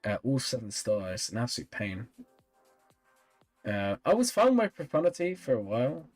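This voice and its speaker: A man's voice: medium pitch, very animated, normal speed, no echo, soft background music. A tired, yawning man streaming live and chatting casually as he reviews viewers' game rosters and answers chat. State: sleepy, yawning.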